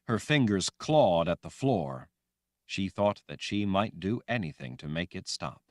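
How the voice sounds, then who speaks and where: A man reading a fantasy audiobook aloud in a dramatic, expressive way. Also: low-pitched, measured pace, no room sound, clean studio sound. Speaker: audiobook narrator. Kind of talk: scripted fantasy audiobook narration.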